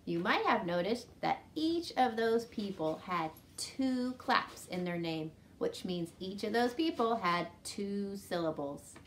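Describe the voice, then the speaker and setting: A woman leads a reading lesson for young children. She talks slowly in a sing-song way, stretching out words as she claps their syllables. A faint hiss sits under the recording. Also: medium pitch, expressive. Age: adult with a son. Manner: slow and sing-song, clapping syllables aloud. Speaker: teacher.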